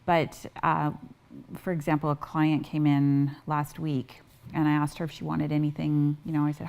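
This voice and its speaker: A Canadian woman, an interior designer from Southern Ontario, chatting as a TV guest, telling stories in quick bursts with many restarts. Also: low-pitched, little pitch movement, gravelly, darkish tone. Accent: Canadian English. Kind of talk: TV interview conversation. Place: TV studio.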